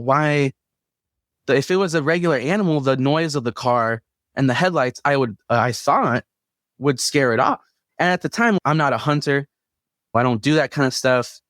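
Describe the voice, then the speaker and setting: A young man from Kansas telling a camping story in a casual, animated way, laughing now and then and quoting himself. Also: on the high side, no room sound, clean studio sound. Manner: animated, laughs between lines, quotes himself. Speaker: guest telling an encounter story.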